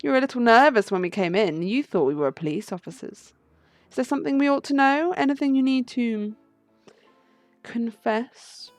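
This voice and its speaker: A woman voicing a composed male bird attorney who questions witnesses in a measured way, reading a game aloud. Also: on the high side, no echo, faint music behind, close to an everyday voice. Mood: probing. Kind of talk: game playthrough read-aloud.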